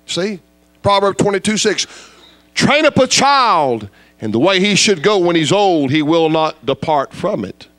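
A man preaching a fiery evangelistic sermon, dropping to low intensity then rising to loud, high shouts. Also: big pitch swings, measured pace.

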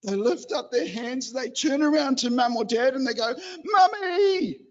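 A man from New Zealand giving an animated, chatty exhortation in a church hall. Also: very high-pitched, moderate pace, highs cut off. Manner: chatty and animated, acts out excited children. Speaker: lay preacher.

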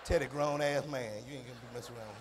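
A middle-aged man performing live stand-up on an arena stage, animated, breaking into singer impressions. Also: rapid-fire, background noise. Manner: animated, mimics singers with falsetto and crooning. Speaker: stand-up comedian. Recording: live arena recording with long reverb.

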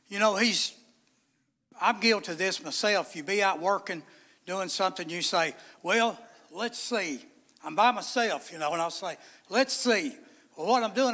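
A man's voice: high-pitched, bright, forceful tone. A man preaching a midweek sermon, plainspoken and folksy, reading scripture aloud as he goes. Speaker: pastor. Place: church sanctuary. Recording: long church reverb.

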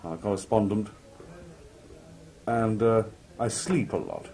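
A man from Liverpool, working as a television announcer, telling anecdotes in a relaxed interview and acting out the people he quotes. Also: lowish voice, unhurried, vocal fry. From Liverpool, England. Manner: lively raconteur, acts out quoted people in different voices. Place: outdoor country fair at a cricket ground.

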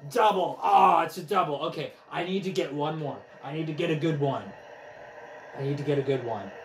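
A young man giving casual commentary on a motion game he is playing, excitable and trash-talking, out of breath as he swings a controller. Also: fairly high pitch, brisk, slight background noise. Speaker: gaming vlogger. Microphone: camera mic from a few steps away. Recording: echoey room, distant from mic.

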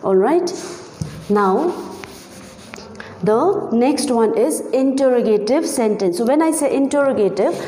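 A woman explaining grammar in an online class, her voice a touch high and mellow. She keeps pausing to ask questions and to check in with the class. The sound is roomy, with a long echo trailing her words. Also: lively intonation. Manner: patient, repeats "okay" and "you know" often, asks questions to the class. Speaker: teacher. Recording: echoey room with long reverb.

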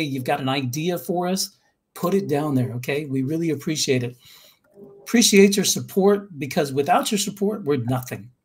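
A man's voice: fairly high pitch, husky. A man hosting a live stream, earnestly urging viewers to subscribe and share. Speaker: channel host.

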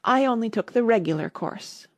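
A woman's voice: on the high side, lively intonation, moderate pace, no room sound, clean studio sound, pitched above the performer's own voice. Mock Turtle, a woman doing a weepy sighing sea creature. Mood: mournful. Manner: mournful, sighing delivery.

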